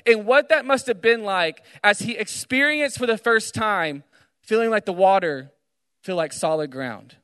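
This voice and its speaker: A young man preaching casually to students from a stage, retelling a story with animated asides. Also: high-pitched, moderate pace, clean tone, no room sound, long reverb tail. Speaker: speaker at a student gathering. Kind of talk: energetic sermon. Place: large hall on a stage.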